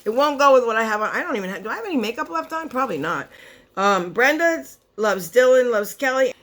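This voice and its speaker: A woman in her forties chatting casually through a beauty box unboxing, excitable and chatty, often gasping and wandering into asides. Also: a little high, quick pace. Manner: chatty and excitable, gasps and laughs, trails off into asides. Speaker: beauty vlogger.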